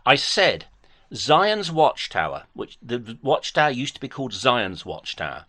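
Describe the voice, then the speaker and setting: A man's voice: medium pitch, sing-song, a little slow, background noise. A man on a phone debate, talking formally and precisely, citing dates and page numbers carefully. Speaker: caller.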